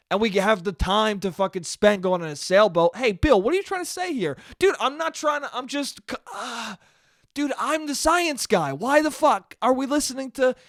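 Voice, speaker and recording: A man's voice: extremely high pitch, a bit bright, dry recording, studio quality, voice pushed up, heavily acted. A man putting on an indignant, defensive middle-aged TV science guy who whines and swears in exasperation. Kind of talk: comic impression in a solo podcast.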